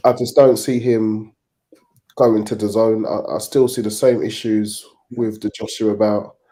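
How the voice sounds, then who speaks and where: A British man on a boxing talk show panel, measured and sceptical in tone. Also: on the low side, flat delivery, warm tone.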